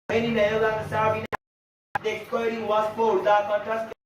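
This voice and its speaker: A man teaching a class on figures of speech, speaking haltingly with many fillers and repeated phrases. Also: high-pitched, completely flat delivery, noisy background. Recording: echoey room, distant lo-fi mic.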